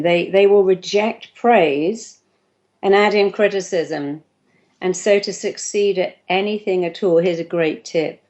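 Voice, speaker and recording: A woman's voice: lowish voice, highs cut off. A woman therapist giving a motivational talk, acting out the voices of the people she quotes. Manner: lively, acts out quoted voices.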